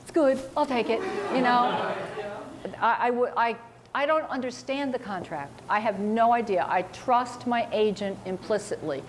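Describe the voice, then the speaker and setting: A woman's voice: on the high side, unhurried, background noise. A woman novelist speaking at a university seminar, chatty and self-mocking, acting out remarks she quotes. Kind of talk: casual talk answering audience questions.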